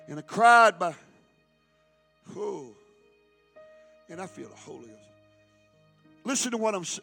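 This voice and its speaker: A man pastor preaching a fiery sermon, often shouting and calling out to the congregation. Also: high-pitched. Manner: shouting, preaching with rising intensity and call-and-response.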